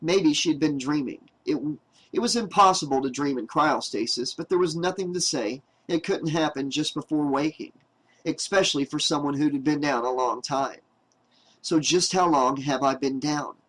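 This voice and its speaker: A man with a slightly higher-than-usual voice reads a novel aloud at an even, measured pace. His delivery is steady, as an audiobook narrator working through long passages of prose. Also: low-quality recording.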